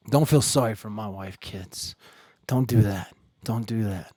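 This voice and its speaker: A man hosting a casual live stream, rambling and joking, swinging between low muttering and loud outbursts. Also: takes it slowly, no room sound, clean studio sound. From Ireland.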